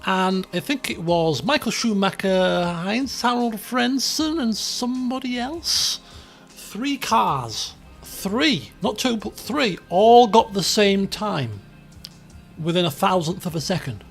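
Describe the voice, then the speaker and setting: A man's voice: sits high, animated, slow pace, vocal fry, faint music behind. A man streaming a racing management game, chatting casually in a rambling, self-deprecating way. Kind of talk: casual live-stream commentary.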